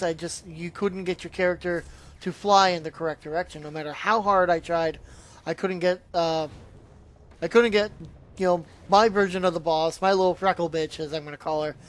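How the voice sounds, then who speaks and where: A man's voice: sits high, fairly even intonation, moderate pace. A man giving a casual, rambling spoken review of a video game, often trailing off and restarting his sentences.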